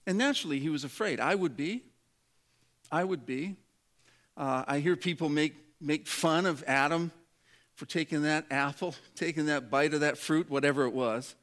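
This pastor's voice is a little high and fairly bright, and he moves at a moderate pace. Preaching to his congregation, he stays humorous and conversational, imitating the voices of the characters in his story.

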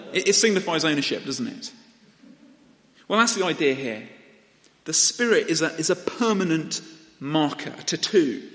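A young man preaching a sermon, talking to the congregation in a conversational, animated way. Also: mid-range voice. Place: church hall. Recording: long hall reverb.

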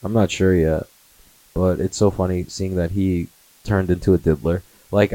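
Twenty-something guy riffing, cursing nonstop, laughs a lot, low mellow voice, dry close sound. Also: no echo, rough recording. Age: 20s. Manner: profane, laughs often, mocking impressions. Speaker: comedy podcast host. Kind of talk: casual comedic monologue.

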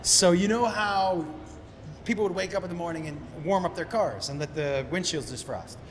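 A man's voice: sits high, moderate pace, a little hiss or hum. A man from Massachusetts doing stand-up crowd work, rambling through loose, profane stories on a comedy club stage into a handheld mic. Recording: live club recording with long reverb and crowd ambience.

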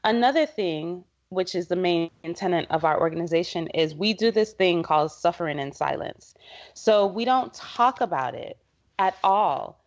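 A woman's voice: lowish voice, animated, normal speed. A middle-aged woman speaking as a podcast guest who leads a women's health organization, earnest and conversational, acting out quotes as she talks. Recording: slightly dull, muffled podcast audio.

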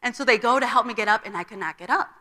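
A young woman tells a personal story at a church gathering, slipping into the voices of the people she quotes. Her voice is bright and forward, pitched a little high. The sound carries a long hall reverb. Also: rapid-fire. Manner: storytelling, acts out quoted dialogue. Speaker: conference speaker. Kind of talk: personal testimony. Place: church auditorium.

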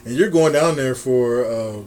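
A man's voice: mid-range voice, unhurried, dark tone. A man co-hosting a casual wrestling chat podcast, rambling with restarts and frequent laughs. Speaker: podcast co-host.

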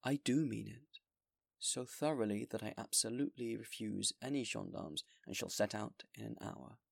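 A man voicing a gentle, resolute old bishop who speaks with mild, patient firmness. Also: on the low side, normal speed, creaky, slightly rough, no echo, studio quality, heavily acted. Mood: calm resolute.

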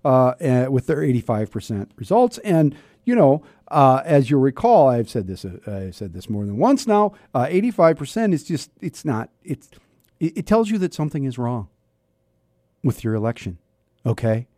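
A man's voice: mid-range voice, sing-song, moderate pace, mellow, dry recording, studio quality. Chatty radio host man in his fifties. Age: 50s. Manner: chatty, self-interrupting, wry. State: slightly scratchy throat. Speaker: radio talk show host. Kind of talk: casual talk radio. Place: radio studio. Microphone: studio microphone.

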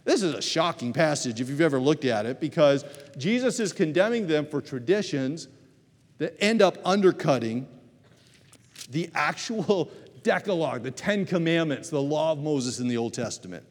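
A man preaching a sermon, telling stories with animated delivery and acting out quoted voices. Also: a little high, moderate pace. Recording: reverberant hall.

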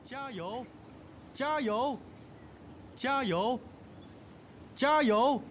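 A man's voice: very high voice, very slow, slight background noise, exaggerated voice. A man voicing an eager young male cheerleader in a recorded lesson dialogue, chanting energetically. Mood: cheering.

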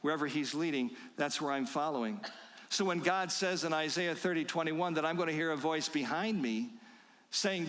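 Male pastor, sermon delivery, slightly high voice, slow emphatic rhetorical questions, reverberant hall. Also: a bit bright.

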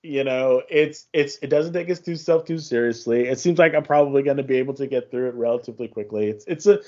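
On a gaming podcast, a male host rambles through recounting a game, restarting often and acting out game dialogue in quick voices. His mid-range voice is warm, with the highs cut off.

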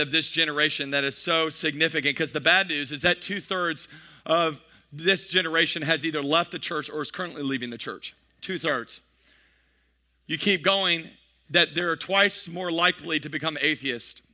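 A man's voice: on the high side, bright, forceful tone. A man in his thirties, a pastor preaching a playful, joking sermon to his congregation, with many repeated words and asides. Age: 30s.

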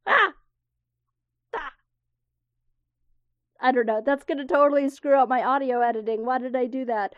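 A woman's voice: high-pitched, fairly even intonation, fast, hardly any pauses, no echo. A woman hosts a solo podcast in a candid, rambling voice, with blunt asides and the odd swear. The recording is dry and slightly dull, with little room sound. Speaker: podcast host. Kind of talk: casual solo podcast talk.

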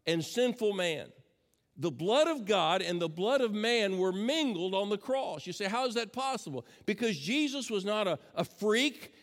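A pastor preaching a sermon with passion, swinging between loud declarations and hushed, intimate asides. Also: male voice, sits high, in a large hall.

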